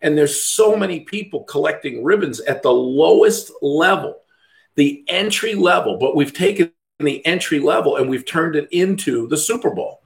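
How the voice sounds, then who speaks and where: A man's voice: a little high, lively intonation, moderate pace, creaky. A middle-aged man, a dog trainer, talking in casual podcast chat, blunt and profane, mimicking other people's voices as he rants.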